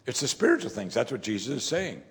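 A man's voice: mid-range voice, sing-song, fast, creaky, a bit bright. A man preaching a sermon as pastor, talking in a conversational, emphatic way and often saying "you see".

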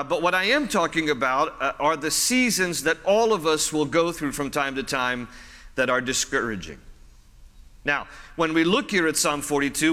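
A male pastor delivers a sermon in a friendly, conversational manner, circling back to repeat his points. His voice is bright and slightly high. It carries a long reverb, as if it were filling a church sanctuary. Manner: conversational, repeats phrases for emphasis.

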